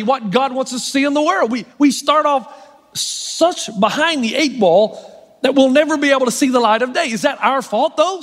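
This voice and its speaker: A man pastor preaching a sermon with wry, self-mocking humor, slowing down to stress key phrases. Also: very high-pitched, fairly bright tone. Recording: long hall reverb.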